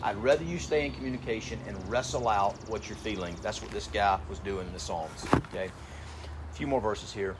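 A middle-aged man preaching a sermon in a conversational way, asking rhetorical questions and slowing down to read scripture. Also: lowish voice, noisy background. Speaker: pastor. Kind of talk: sermon to graduating seniors.

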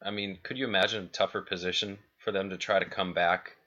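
A man's voice: sits low, fairly even intonation, quick pace, sharp tone, dull audio. A man co-hosting a sports podcast, talking in a laid-back way and steering toward predictions. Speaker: podcast co-host. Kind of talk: casual sports chat.

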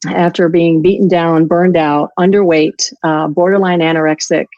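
A woman's voice: on the low side, flat delivery, moderate pace, darkish tone, no echo, muffled recording. A woman guest on an interview show, telling her story in a candid, self-deprecating way and often restarting her sentences. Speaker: guest, law enforcement resilience instructor.

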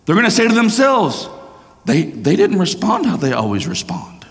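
A man preaching a sermon as pastor, swinging between raised, urgent passages and hushed, slow ones. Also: high-pitched, wildly swooping pitch. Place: church sanctuary. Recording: long hall reverb.

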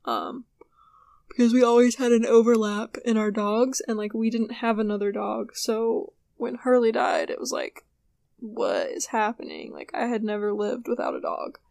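Casting: young female podcast host, sleepy and rambling, slightly high voice, dry close sound. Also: expressive, moderate pace, creaky, a little mellow, dry recording. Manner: chatty, rambling, yawning and apologizing. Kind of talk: casual solo podcast chat.

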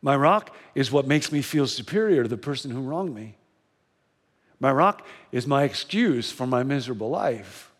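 A man's voice: medium pitch, animated, normal speed, in a large hall, natural voice. A man voicing a woman who clings to her resentments and questions herself in anguish, speaking in his own voice. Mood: bitter.

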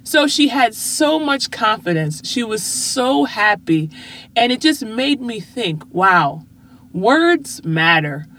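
Bright-voiced mom giving earnest parenting advice. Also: female voice, fairly high pitch, sing-song, takes it slowly, a little hiss or hum. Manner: earnest, uses rhetorical questions. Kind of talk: motivational talk to viewers.

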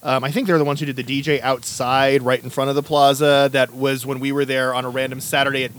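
A man's voice: medium pitch, flat delivery, quick pace, fairly bright tone, a little hiss or hum. A man co-hosting a casual podcast chat, rambling and joking as he tells stories. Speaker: podcast co-host.

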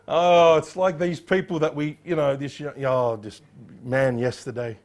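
A man preaching an expository sermon, emphatic and animated, acting out the voices in the passage he reads. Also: fairly high pitch. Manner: emphatic, acts out quoted voices.

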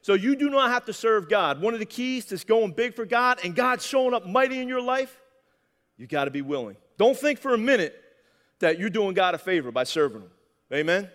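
A man preaching a lively sermon, often calling out "amen" to the congregation. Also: sits high, fairly quick, long reverb tail. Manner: animated, calls for "amen". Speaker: pastor.

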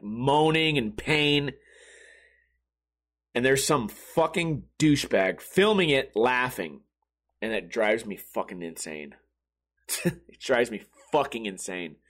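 A man's voice: medium pitch, fairly bright tone. A man in his thirties in a profane, rambling monologue, swearing constantly and laughing between lines. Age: 30s.

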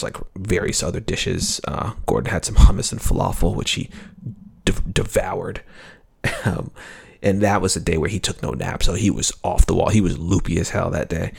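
A young adult man, a podcast co-host, telling a rambling family story in casual chat with many halting restarts. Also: low-pitched, vocal fry, slightly rough.

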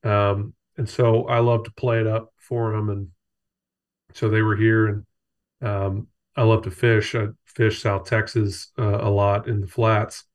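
Man with a low voice, relaxed anecdote teller, lots of ums and uhs in casual conversation. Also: a little slow. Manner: easygoing, filler-heavy anecdote telling. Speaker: outdoorsman in conversation.

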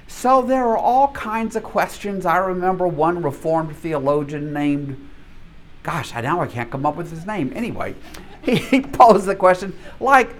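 A man in his seventies teaching a church Bible study class in a chatty, animated way, quick to laugh. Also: high-pitched, a little hiss or hum. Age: 70s.

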